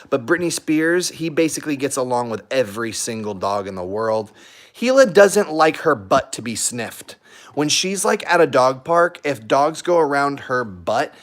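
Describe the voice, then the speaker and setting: A young man hosting a husky channel, giving earnest, emphatic advice in a casual live Q&A with viewers and repeating himself for stress. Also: medium pitch, a bit bright.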